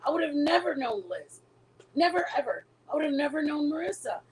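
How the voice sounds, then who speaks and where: A woman's voice: sits high, very animated, fairly quick, darkish tone, a little hiss or hum, low-quality recording. A middle-aged woman chatting casually with her viewers, telling a long story with many restarts and trailing thoughts. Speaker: livestream host.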